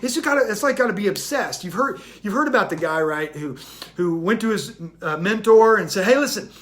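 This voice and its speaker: A man's voice: sits high, lively intonation, fairly quick, background noise. A man giving a motivational talk in an emphatic, repetitive style that builds in intensity. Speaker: motivational speaker.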